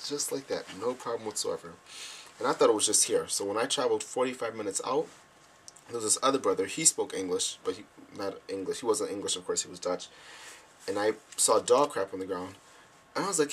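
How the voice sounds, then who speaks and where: A man's voice: on the low side, fairly quick, a little hiss or hum. A young man telling stories casually to friends back home, acting out his own reactions as he goes. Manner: animated, acts out quoted reactions. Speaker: vlogger.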